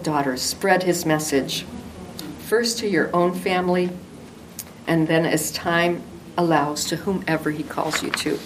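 A woman's voice: lowish voice, a little hiss or hum, poor audio. An older woman teaching the Bible to women in an earnest, affectionate devotional talk.

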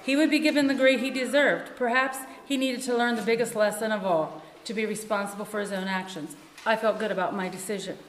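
A woman who teaches music, reading her own first-person story in a measured, earnest way. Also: a little high, steady tone, a little hiss or hum. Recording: echoey room with long reverb.

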